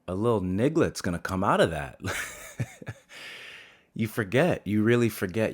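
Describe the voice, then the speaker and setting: A man in his thirties doing a stand-up monologue, telling his stories in a profane, exasperated way. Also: sits low. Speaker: stand-up comedian.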